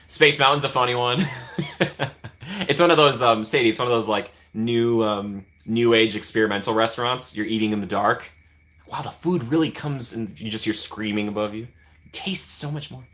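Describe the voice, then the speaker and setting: Guy hosting a live stream, chatty, laughs a lot, talks to chat by name, bright voice. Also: mid-range voice. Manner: chatty, laughs often, answers viewers by name.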